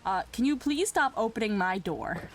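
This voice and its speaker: A young woman with a sing-song voice hosts a Minecraft let's play at normal speed. She chats casually and talks back to the mobs, flustered, swinging between exclamations and low muttering.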